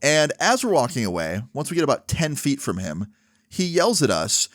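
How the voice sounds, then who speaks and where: A man's voice: lowish voice, sing-song, brisk, dry recording, studio quality. A young man telling a personal story casually, dropping "like" and "right?" often. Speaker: vlogger. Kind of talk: storytime monologue.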